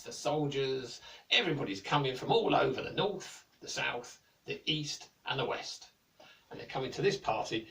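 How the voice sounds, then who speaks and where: A man's voice: fairly high pitch, gravelly. A man voicing a fussy, self-important old male wizard who is dismissive and impatient. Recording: echoey room, mic at a distance.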